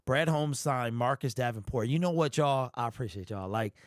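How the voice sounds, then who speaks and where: A man's voice: medium pitch, expressive, moderate pace, dry recording, clean studio sound. A man from Detroit hosting a fan livestream, ranting with passion and repeating himself. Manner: impassioned, ranting, repetitive. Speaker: fan channel host. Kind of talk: livestream sports rant.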